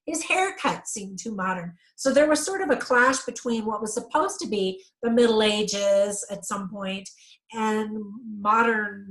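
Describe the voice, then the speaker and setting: A woman's voice: mid-range voice, rough recording. A middle-aged woman giving a casual movie review, chatty and full of ums, correcting herself as she goes.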